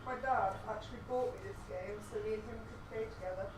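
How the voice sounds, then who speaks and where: Higher-voiced British woman, joking sidekick, very roomy and away from the mic, audible noise. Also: fairly even intonation, fast talker, distant mic. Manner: playful, boastful. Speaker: co-host. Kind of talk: casual banter. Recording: echoey, off-mic with background noise.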